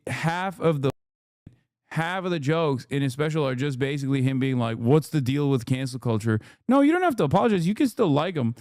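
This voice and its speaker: A man's voice: mid-range voice, a little mellow, smooth, no echo, clean studio sound. A man giving emphatic, profane reaction commentary on a live stream, repeating points for emphasis.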